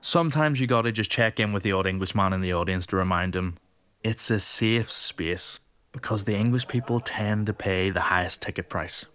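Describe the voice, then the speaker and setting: A man's voice: fairly low pitch, normal speed, fairly bright tone. A man talking wryly about his comedy shows. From Ireland. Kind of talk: reflective talk about comedy.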